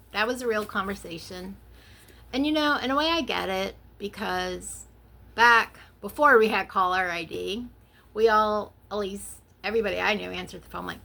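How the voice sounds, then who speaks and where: A middle-aged woman hosting her own show, reading her poem softly and then explaining it in a casual chat. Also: medium pitch, gravelly. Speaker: podcast host and poet.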